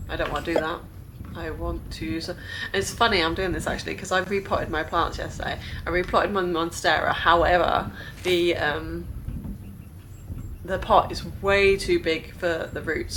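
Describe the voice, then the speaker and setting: Young female gaming vlogger, lower-pitched, chatty, rambling commentary with giggles. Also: background noise. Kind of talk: casual gameplay commentary.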